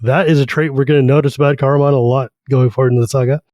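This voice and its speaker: A man's voice: mid-range voice, dry recording. A man co-hosting a podcast, animatedly retelling a fantasy novel in casual talk. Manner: animated, retells the story with quick character voices. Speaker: podcast co-host. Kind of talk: casual book discussion.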